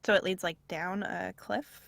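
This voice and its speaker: A woman playing a tabletop role-playing game, chatty and quick to laugh, often asking questions. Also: on the low side, fairly even intonation, creaky, fairly bright tone, no echo. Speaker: player. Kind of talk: casual tabletop role-play.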